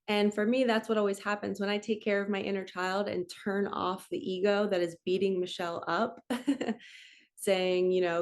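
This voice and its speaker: A woman in her forties, a spiritual coach, talking gently and reflectively to her viewers in a casual, chatty way. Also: medium pitch, fairly even intonation, moderate pace. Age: 40s.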